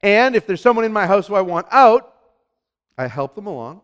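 A male pastor delivering a sermon with a fairly high voice. He is emphatic, dropping to quiet, low phrases and then building to loud, urgent declarations. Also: big pitch swings, moderate pace, clear, resonant tone. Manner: emphatic, swings from hushed to loud.

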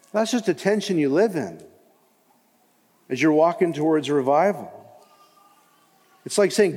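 A man preaching a sermon as pastor, impassioned and rising to loud emphatic cries. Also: high-pitched, expressive, moderate pace, long pauses. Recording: long hall reverb.

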